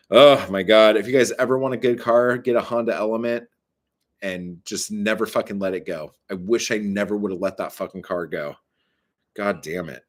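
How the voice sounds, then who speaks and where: Husky, low-voiced man ranting casually. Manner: profane, rambling and frustrated; many fillers and self-corrections. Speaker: live streamer. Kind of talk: casual live-stream rant.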